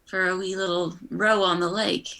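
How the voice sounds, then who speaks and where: A woman's voice: lowish voice, little pitch movement, moderate pace, gravelly, sharp tone. A woman playing a tabletop game in character, improvising her answers tentatively. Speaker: player.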